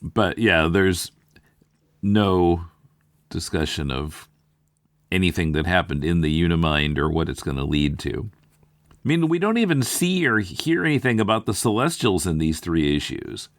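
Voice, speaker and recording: Deep-voiced man, dry close sound. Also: big pitch swings, dry recording. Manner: measured, thoughtful, recounting in detail. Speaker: podcast host. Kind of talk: casual chat.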